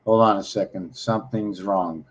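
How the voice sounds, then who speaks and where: A man hosting his own channel, talking viewers through his screen slowly as he searches for things, rambling and correcting himself along the way. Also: lowish voice, fairly even intonation, muffled recording. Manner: slow, rambling, searching aloud with many pauses and self-corrections. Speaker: channel host teaching on screen. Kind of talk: thinking-aloud screen walkthrough.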